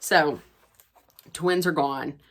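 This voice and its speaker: A low-pitched woman draws out her words while chatting about a reality show. Her recap is gossipy and chatty, and she acts out the lines people said.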